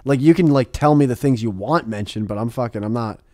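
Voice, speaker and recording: A man hosting a podcast, chatting casually over an online call, animated, swearing a lot and laughing often. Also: medium pitch, fairly quick, no echo, clean studio sound. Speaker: podcast host. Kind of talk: casual chat.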